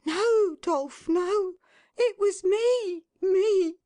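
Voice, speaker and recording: A sharp-tongued working-class wife played by a woman narrating an audiobook speaks in a shrill, high, weepy voice. It sits far above the reader's own low tone. The sound is dry and close. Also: sing-song, measured pace, dry recording, exaggerated voice. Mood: tearful. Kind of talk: audiobook character voice.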